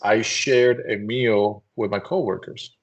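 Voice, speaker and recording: A man, a company CEO, telling anecdotes in a casual, animated podcast conversation and acting out voices as he goes. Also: fairly low pitch, slow pace. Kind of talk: casual storytelling.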